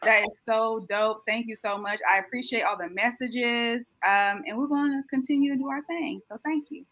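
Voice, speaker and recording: A woman's voice: fairly high pitch, normal speed, fairly bright tone. A woman co-hosting a casual live-stream chat, affirming and encouraging as she thanks viewers. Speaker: co-host.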